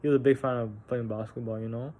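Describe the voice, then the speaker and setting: Speaking in a mellow, mid-range voice with fairly even intonation, this young man recounts something personal on his vlog. He's candid and halting, often restarting, filling gaps and swearing casually.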